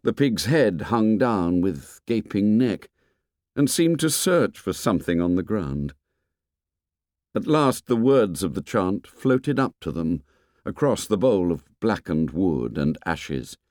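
A man narrating a novel in a measured, expressive storytelling voice. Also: low-pitched, dry recording, studio quality. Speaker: audiobook narrator. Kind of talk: scripted narration.

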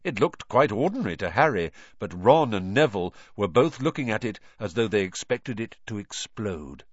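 A man narrating a storybook in an animated, dramatic reading. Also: fairly low pitch, moderate pace, no room sound, highs cut off. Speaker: audiobook narrator.

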